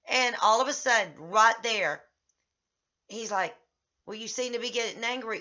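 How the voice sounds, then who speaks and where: A middle-aged woman vlogging about a therapy session, agitated and venting, her voice rising in loud bursts. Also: on the high side, normal speed, long pauses. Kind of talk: personal vlog recounting. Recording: slightly dull lo-fi audio.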